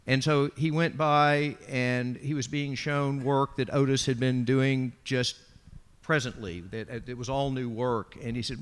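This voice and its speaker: A man on a discussion panel telling an anecdote, animated and quick to act out each quote. His mid-pitched voice rings with a long reverb tail from a large hall. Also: clear, resonant tone. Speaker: panelist, art dealer. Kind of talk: storytelling anecdote.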